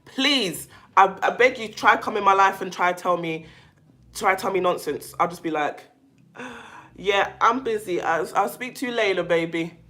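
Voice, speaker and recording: Woman ranting to camera, bright sharp voice, keeps saying baby, lots of restarts. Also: mid-range voice, measured pace. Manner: emphatic, animated, calls the listener "baby"; repeats herself and restarts often. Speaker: vlogger talking about narcissistic abuse. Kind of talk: casual monologue to camera.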